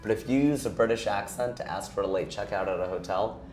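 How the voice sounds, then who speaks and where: Man, fairly low voice, chatty joking host, roomy echo, faint music. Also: fast talker, hardly any pauses. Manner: chatty, rambling, jokey. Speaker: host, comedian. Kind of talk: casual interview chat.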